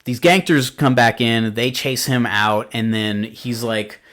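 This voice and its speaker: A man's voice: mid-range voice, steady tone, unhurried, a bit bright. A man hosting a podcast, chatting casually about horror films, rambling with lots of fillers and swearing freely. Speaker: podcast host. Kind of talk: casual film review chat.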